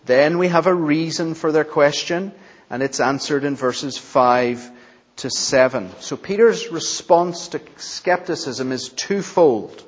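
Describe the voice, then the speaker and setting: A male preacher delivers a sermon at a slow, deliberate pace, stressing and repeating key phrases. He often turns to the congregation with questions. His voice rings with the long reverb of a large church, on a dull recording. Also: a little high, husky. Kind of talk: expository sermon.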